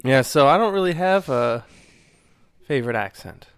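A man with a Midwestern American accent co-hosting a podcast in casual chat, measured and a little halting. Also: medium pitch, animated, clear, resonant tone, no echo. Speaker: podcast co-host.

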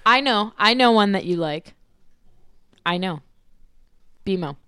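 Woman, podcast co-host, giggly, teasing, unhurried, dry close mic. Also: mid-range voice, expressive, pushed and bright, clear, resonant tone, dry recording. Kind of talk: casual chat.

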